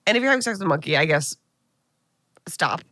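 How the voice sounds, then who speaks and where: American woman, podcast co-host, casual recap, bright tone, dry sound. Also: lowish voice, fast talker, no echo. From United States. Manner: animated retelling, acts out characters' lines, swears casually. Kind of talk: casual movie recap chat.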